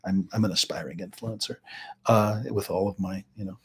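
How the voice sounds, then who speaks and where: Man, middle-aged, husky low voice, chatty live teaching talk, rambling with jokes. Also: fairly even intonation, moderate pace. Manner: chatty, rambling, with joking asides. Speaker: host and healing practitioner.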